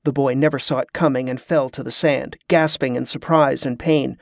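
A man narrating a fantasy novel in a steady, measured storytelling voice. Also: medium pitch, vocal fry, no echo, studio quality.

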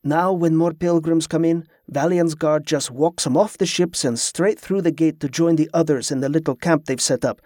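A man's voice: a little high, normal speed, few pauses, a little mellow, dry recording, clean studio sound, lightly acted. A man doing a chatty, folksy townsman. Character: friendly local man, talkative storyteller.

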